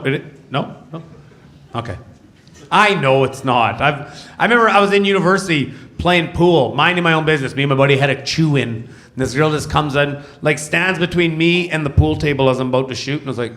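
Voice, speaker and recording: A man from Canada performing a stand-up comedy set on stage before a live audience, telling stories and breaking into loud shouted bits. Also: medium pitch, a little hiss or hum. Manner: animated, jumps into loud shouted character bits.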